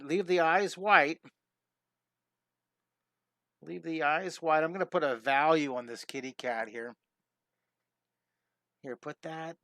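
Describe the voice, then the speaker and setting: A bright, upbeat middle-aged man talks through a drawing step by step on a live stream, chatty and encouraging. His voice sits a little high and sounds close and dry, with no room around it. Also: dry recording. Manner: enthusiastic, chatty, greets viewers, quick cat sound effects.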